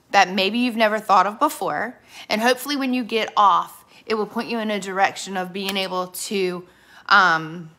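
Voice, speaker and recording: Bright-voiced woman leading sales training. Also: medium pitch. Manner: earnest storytelling with quoted dialogue, addresses listeners directly. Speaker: direct sales team leader. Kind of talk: motivational training talk.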